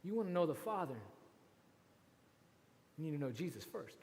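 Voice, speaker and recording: A man's voice: fairly high pitch, very animated, moderate pace, darkish tone, long reverb tail. A man preaching a sermon as pastor, talking in a conversational way with rhetorical asides. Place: church.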